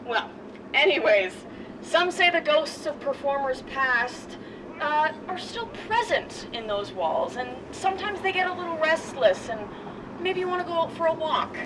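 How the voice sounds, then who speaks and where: A woman's voice: high-pitched, animated, unhurried. A woman tour guide leading a walking tour outdoors, chatty and storytelling. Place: outdoors on a street. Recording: distant voice over loud street noise.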